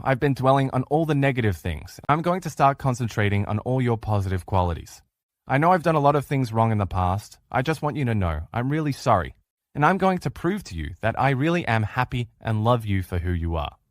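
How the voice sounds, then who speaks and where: A middle-aged man coaches listeners through a relationship lesson in an earnest, persuasive way. His pitch moves a lot as he talks. The recording is dry and close. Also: big pitch swings, a little fast, dry recording. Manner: earnest, coaching, acts out quoted replies in changed voices.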